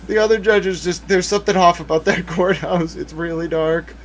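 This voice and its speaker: A man giving casual, rambling legal commentary on a stream, animated, with jokey asides and mock voices. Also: high-pitched, normal speed, hardly any pauses.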